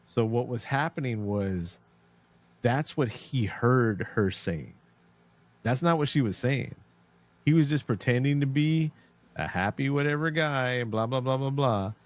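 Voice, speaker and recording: Man, podcast co-host, casual movie talk, animated storyteller, middle pitch, dry sound. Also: measured pace, no room sound. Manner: animated storyteller, acts out quotes. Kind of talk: casual film discussion.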